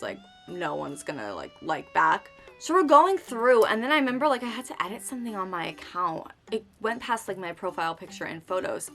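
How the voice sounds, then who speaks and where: A young woman telling a story to her camera in a chatty, dramatic way, acting out quotes with sudden high outbursts. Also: fairly bright tone. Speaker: vlogger. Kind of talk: casual storytime chat.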